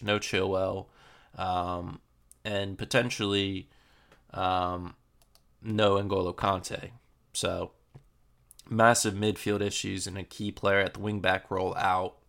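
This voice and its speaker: Low, flat, gravelly man previewing football. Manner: relaxed, filler-heavy match previewing. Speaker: podcast host. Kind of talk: casual football podcast chat.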